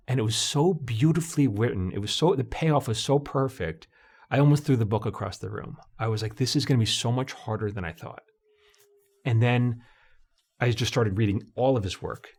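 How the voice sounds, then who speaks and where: A middle-aged man, a TV comedy writer, telling stories in an interview and acting out what people said. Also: medium pitch. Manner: animated storyteller, acts out voices in quotes. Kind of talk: conversational interview.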